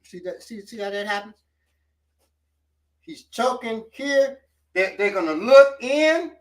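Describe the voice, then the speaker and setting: A man's voice: extremely high pitch, expressive, slow, distant mic. A man teaching self-defense, talking casually and coaching while he demonstrates moves.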